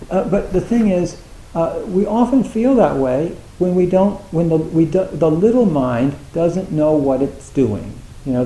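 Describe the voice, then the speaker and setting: A man's voice: on the high side, mellow. A man giving an informal Zen talk to retreat students, rambling with many fillers and restarts. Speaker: Zen teacher. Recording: echoey room.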